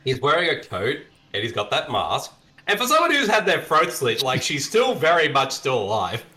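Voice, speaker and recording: A man gives excited, exclamatory commentary on a movie among friends. His voice is bright and sits slightly high. His pitch moves a lot as he reacts. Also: normal speed. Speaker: co-host watching a movie. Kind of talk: casual group chat over a movie.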